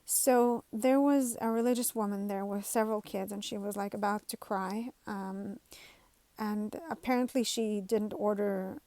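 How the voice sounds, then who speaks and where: A woman speaks straight to her viewers in a loose vlog. She wanders through a story with lots of "um"s and restarts. Her voice sits at an ordinary pitch, and the recording is dry and close with no room sound. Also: steady tone, measured pace, warm tone, no echo. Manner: rambling storytelling with many fillers and restarts. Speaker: vlogger. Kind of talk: casual talk to camera.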